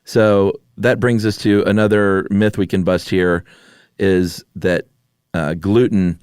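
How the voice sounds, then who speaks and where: A man's voice: low-pitched, steady tone, slow pace, darkish tone, clean tone, no echo, studio quality. A man co-hosting a podcast in casual chat, easygoing and drawling with fillers. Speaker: podcast co-host.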